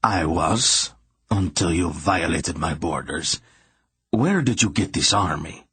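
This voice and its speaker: A man's voice: low voice, expressive, takes it slowly, a bit bright, slightly rough, no echo, exaggerated voice. A man voicing an irritable, blustering little emperor who snaps indignantly in an audiobook. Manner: indignant, snapping.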